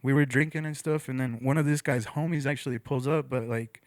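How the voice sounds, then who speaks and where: A man's voice: medium pitch, fairly even intonation, a little fast, no room sound, clean studio sound. A young man, a podcast guest, telling a rambling story in casual slang, with "bro" and "you know" in nearly every line.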